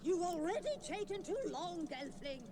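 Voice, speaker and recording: A woman voicing an ancient female one-eyed creature who studies the stars, gruff and impatient, in film audio with noise behind. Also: extremely high pitch, lively intonation, normal speed, darkish tone. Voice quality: gruff, scolding. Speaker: film character.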